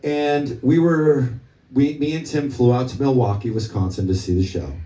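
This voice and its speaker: A male musician spins a loose, profane story between songs at a small club gig. His voice is dark and mellow and sits back from the mic. The room's echo rings around every word. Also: medium pitch, normal speed. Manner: profane, rambling anecdote told to the crowd. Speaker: musician on stage. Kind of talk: onstage storytelling at a live gig. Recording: echoey club, from a distance.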